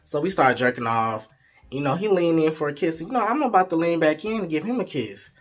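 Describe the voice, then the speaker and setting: A young man vlogger with a slightly high, animated voice tells a story at a brisk clip. He's frank, profane and playful, keeping it casual and slipping into the voices of the people involved.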